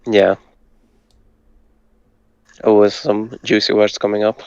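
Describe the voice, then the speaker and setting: A man who speaks Hungarian natively, patiently tutoring and breaking words down slowly, with some hesitant fillers. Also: fairly low pitch, monotone, creaky, darkish tone, clean tone, dry recording, muffled recording. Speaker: language tutor. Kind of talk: casual language lesson.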